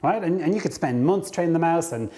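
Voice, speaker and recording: A man coaching viewers on career ideas, telling a story to camera, acting out bits of dialogue and slowing down to stress key points. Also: a little high. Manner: lively storyteller, acts out dialogue.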